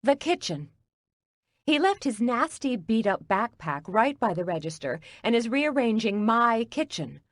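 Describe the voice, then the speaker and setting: A woman's voice: sing-song, unhurried, no room sound, clean studio sound. A woman voicing a frantic, indignant bakery worker. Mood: alarmed, indignant. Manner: agitated, high-strung outbursts.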